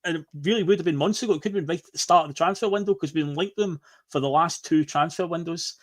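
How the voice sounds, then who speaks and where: A man co-hosting a casual football podcast, ranting in an exasperated, animated way. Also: on the high side, quick pace. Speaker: podcast co-host.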